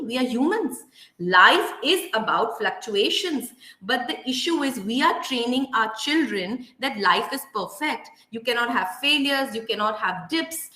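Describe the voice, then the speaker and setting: A woman with an Indian English accent giving an earnest, emphatic workshop talk on parenting to parents and teachers, slowing down to stress key points. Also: a little high, bright, forceful tone. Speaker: parenting educator. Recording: roomy echo.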